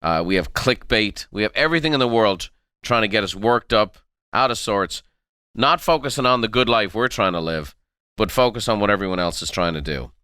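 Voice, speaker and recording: A middle-aged man gives a motivational talk on his podcast, with a low, forceful and smooth voice. He presses on his main points and says them again and again. The sound is close and dry, with no room around it. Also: expressive, brisk, no echo. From Ireland. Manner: emphatic, repeats key phrases, coaching tone. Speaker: podcast host and motivational speaker. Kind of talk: motivational monologue.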